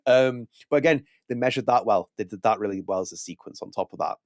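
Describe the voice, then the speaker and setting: A man's voice: fairly low pitch, fast, no room sound, studio quality. A man co-hosting a podcast, reviewing a game in casual chat, rambling with restarts and quoted asides. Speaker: podcast co-host.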